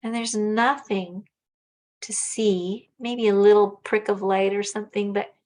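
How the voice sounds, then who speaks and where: Gentle, unhurried woman guiding relaxation. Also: mid-range voice, little pitch movement. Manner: gentle, unhurried, halting with soft fillers. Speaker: relaxation teacher. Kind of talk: guided self-massage relaxation.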